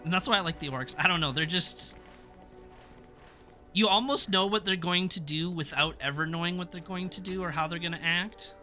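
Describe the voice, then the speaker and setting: Young man, live-stream chat, rambling and laughing, fairly high voice, very bright tone, faint music behind. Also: moderate pace. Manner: rambling, self-interrupting, laughs often. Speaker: streamer reviewing a TV episode.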